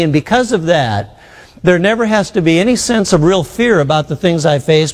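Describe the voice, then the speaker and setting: A man preaching a sermon, asking rhetorical questions and slowing down to stress key phrases. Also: on the high side. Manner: rhetorical questions, emphatic with slow drawn-out phrases. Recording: long hall reverb.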